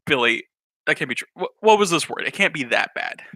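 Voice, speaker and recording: A man's voice: on the high side, animated, fairly quick, pushed and bright, dry recording. Exasperated principal, blunt and exclaiming, a man doing the voice. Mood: doubtful. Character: exasperated male school principal.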